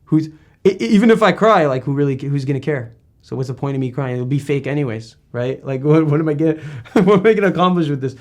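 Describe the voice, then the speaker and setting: A man's voice: fairly high pitch, expressive, fast talker, a little mellow. A man interviewing a guest in a casual talk, rambling and emphatic with many restarts.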